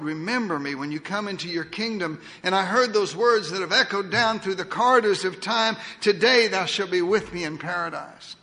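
A man delivers a theatrical sermon, telling it in the first person as a witness. His voice sits high and sounds bright and forceful, dropping to a near whisper and then rising to a boom. The sound carries the long reverb of a large hall. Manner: theatrical, swings from booming to hushed. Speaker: preacher.

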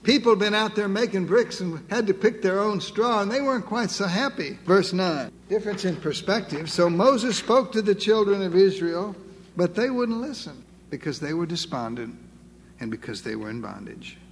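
A man preaching a sermon, emphatic and building through repeated phrases and pauses. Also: high-pitched, expressive. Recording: long reverb, faint background noise.

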